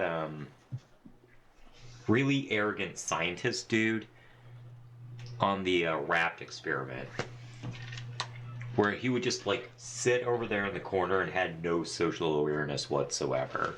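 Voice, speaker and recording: A man's voice: deep voice, a bit bright, a little hiss or hum. A man giving sarcastic, profane, rambling commentary while playing a video game. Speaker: gaming channel host. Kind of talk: let's play commentary. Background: faint game music.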